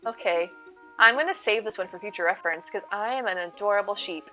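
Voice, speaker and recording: A woman's voice: medium pitch, brisk, pushed and bright, soft background music. A woman streaming live and chatting with viewers, playful and silly, full of jokes and puns.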